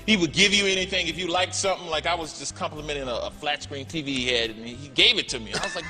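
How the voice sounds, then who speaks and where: A man telling funny stories in a talk-show setting, laughing often and jumping into quick voices of people he knows. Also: loud music behind the voice, a loud crowd. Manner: high, excitable, laughs often, jumps into voices. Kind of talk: animated storytelling with impressions.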